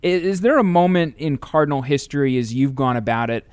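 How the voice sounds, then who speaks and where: A man's voice: medium pitch, lively intonation, a little fast, darkish tone, clear, resonant tone, no echo. A man from St. Louis hosting a podcast interview, asking long, winding questions in a conversational way. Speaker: podcast host.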